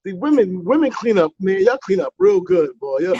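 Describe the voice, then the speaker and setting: A comedian guest from the Bronx, New York, tells playful, teasing stories in a casual interview as an animated storyteller. His voice is high and husky and he talks fairly quickly, on a dry recording with the highs cut off.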